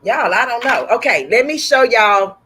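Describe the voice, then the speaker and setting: A woman's voice: a little high, expressive, normal speed, sharp tone, slight background noise. A woman with a Texas accent and a sore throat, hosting a casual embroidery livestream and chatting with viewers by name.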